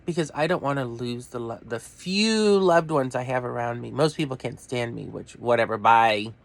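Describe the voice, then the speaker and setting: A man's voice: mid-range voice, moderate pace, gravelly. A middle-aged man ranting to camera in a blunt, profane way that keeps drifting off topic. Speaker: vlogger. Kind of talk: rambling rant to camera.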